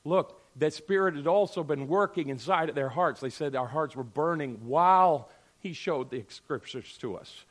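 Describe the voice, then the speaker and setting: A man teaching from scripture in a lively, conversational way, slipping into quick little voices for his listeners. His voice sits a bit high for a man and jumps between loud bursts and near-murmurs. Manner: animated, acts out quoted voices, sudden drops to near-murmur. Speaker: Bible teacher.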